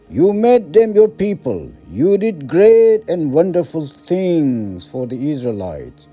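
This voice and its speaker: A man reading the part of a humble adult king praying earnestly, slow and pleading. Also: high-pitched, mellow, exaggerated voice.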